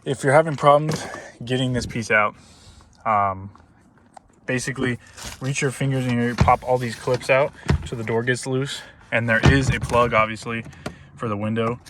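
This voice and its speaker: A man hosting a casual DIY car vlog, talking loosely with many ums and restarts while working on a car in a garage. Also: mid-range voice. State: out of breath from working. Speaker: car channel host. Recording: distant mic with faint background noise.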